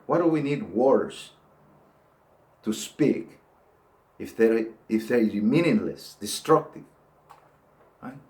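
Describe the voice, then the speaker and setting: A man's voice: mid-range voice, expressive, takes it slowly, pauses often, darkish tone. Older man, earnest pleading monologue, emphatic outbursts. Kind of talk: impassioned monologue to camera.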